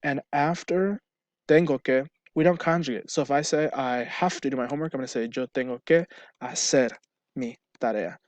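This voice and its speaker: A man's voice: mid-range voice, fairly quick, no room sound. A man teaching a Spanish grammar lesson, explaining step by step and checking in with "right?". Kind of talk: recorded online lesson.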